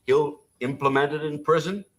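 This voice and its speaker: A man's voice: a little high, steady tone, moderate pace. A man guesting on a television talk show, scornful and accusing, often cutting in. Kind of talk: heated archival TV debate.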